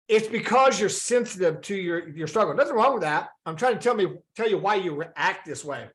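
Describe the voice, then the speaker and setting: A man with a high-pitched voice leads a group coaching session over a video call. He talks in a loose, conversational way, throwing questions back at the group and voicing people's inner thoughts as he goes. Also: moderate pace, fairly bright tone. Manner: acts out quoted inner thoughts. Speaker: fitness and wellness coach.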